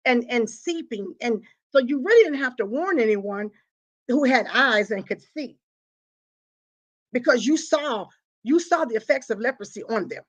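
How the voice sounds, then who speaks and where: Emphatic woman preaching to a live audience. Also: fairly high pitch. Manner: emphatic, repeats phrases, acts out confessions. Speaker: host of a live talk.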